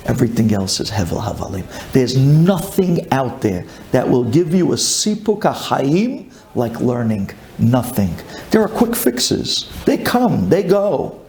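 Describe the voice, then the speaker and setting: A man's voice: medium pitch, darkish tone. A male rabbi giving a storytelling sermon, emphatic and repeating key phrases. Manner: emphatic, rhetorical questions, repetition.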